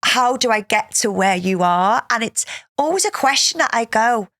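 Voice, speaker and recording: Effusive, gravelly-voiced woman host. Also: fairly high pitch, animated, moderate pace, a bit bright, dry recording, studio quality. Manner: effusive, laughs often, thinks aloud. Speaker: podcast host. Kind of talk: casual interview chat.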